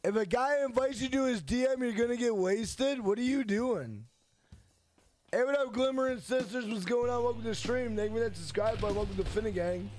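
A man's voice: very high voice, a little fast, soft background music. A man live-streaming a video game, swearing and exclaiming as he plays and chatting with his viewers. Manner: excitable, profane, loud outbursts; banters with chat and greets viewers. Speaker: gaming streamer. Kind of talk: live gameplay stream commentary.

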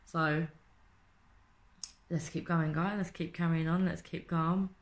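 A woman from England records a home video diary in her city home, chatting casually, swearing often, and asking rhetorical questions. Her deep voice has fairly even intonation, a measured pace, and long pauses.

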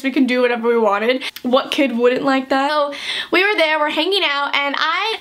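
Bright, chatty young woman vlogger. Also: sits high. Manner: chatty, animated, filler-heavy storytelling. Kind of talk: storytime vlog.

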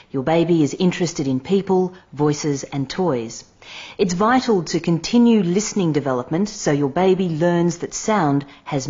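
A woman giving calm, measured scripted narration for a parenting lesson. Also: lowish voice, slightly rough, lo-fi sound.

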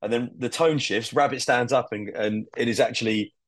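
A man's voice: mid-range voice, moderate pace, no room sound. Enthusiastic, sweary man, dry sound. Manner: enthusiastic, sweary, with many fillers and restarts. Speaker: podcast guest. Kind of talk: casual podcast chat.

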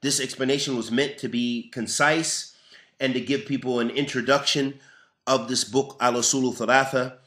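A man's voice: medium pitch, fairly even intonation, moderate pace, fairly bright tone, reverberant. A man teaching a religious lesson, reading a text and explaining it in an earnest, emphatic way. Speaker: Islamic lecturer.

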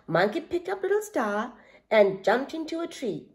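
A woman's voice: high voice, big pitch swings, normal speed. A woman who works as a preschool teacher, reading a picture book aloud expressively and asking young listeners questions. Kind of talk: children's story reading.

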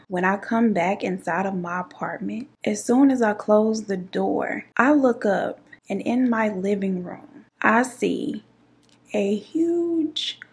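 Her voice is medium-pitched, gravelly, and darkish as this YouTube storyteller shares a dramatic personal tale with viewers. She keeps it sassy and chatty, addressing listeners as "child" and "girl."

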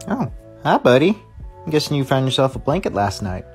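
Excitable late-teen guy, lively pitch, skit host turned mock commentator, music underneath. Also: fairly quick, gravelly. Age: late teens. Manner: playful, excitable, rising to shouts in commentary. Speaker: video creator.

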